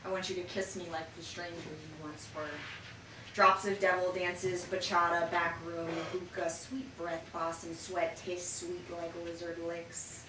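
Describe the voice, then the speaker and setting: A woman poet giving an expressive poetry reading in a bookshop, her loudness swinging dramatically between lines. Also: on the low side, a little slow. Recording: roomy and distant with background noise.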